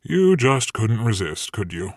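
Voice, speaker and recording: A man's voice: lowish voice, big pitch swings, unhurried, no echo, studio quality. A man narrating an audiobook voices a terse, sardonic male devil. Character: gruff, exasperated male devil.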